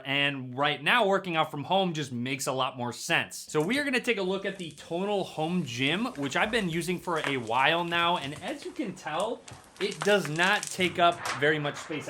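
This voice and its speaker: A young man presenting a home product review vlog in an upbeat, clear presenter manner, recorded in a room at home. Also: on the high side, pushed and bright. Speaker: tech reviewer. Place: home room with a wall-mounted gym.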